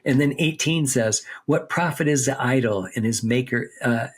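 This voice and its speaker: A man's voice: mid-range voice, normal speed. A man on a podcast explaining a Bible book step by step, reading passages aloud and checking in with his listener. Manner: explains step by step, reads scripture aloud, checks with "okay?" and "right?". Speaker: seminary teacher on a podcast. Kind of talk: conversational Bible teaching.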